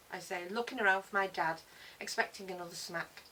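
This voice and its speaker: A woman performing a spoken word story, expressive, moving between hushed and loud passages. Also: medium pitch, brisk. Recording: distant mic with faint hiss.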